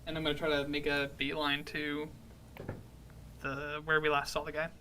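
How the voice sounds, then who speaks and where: A man's voice: a little high, completely flat delivery, moderate pace, sharp tone, a little hiss or hum. Casual man playing a tabletop game. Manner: casual, thinking aloud. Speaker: player.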